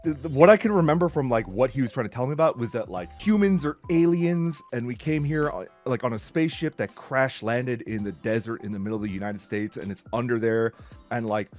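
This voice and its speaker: Man, middle-aged, rambling casual storyteller, middle pitch, faint music behind. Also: a little fast, a little mellow. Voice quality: rambling, full of "like" and restarts. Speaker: streamer.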